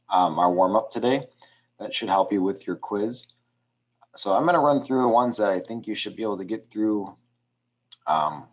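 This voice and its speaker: A man teaching a language lesson over a screen walkthrough, talking his students through exercises step by step in a relaxed way with frequent ums. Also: lowish voice, dull audio. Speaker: Spanish teacher.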